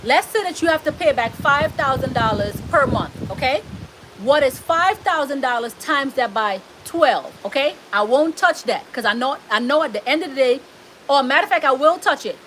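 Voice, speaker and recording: A woman's voice: high-pitched, animated, moderate pace, noisy background. A woman with a Southern US accent, coaching a live audience on business credit, emphatic and repeating her key points. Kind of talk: live stream Q&A.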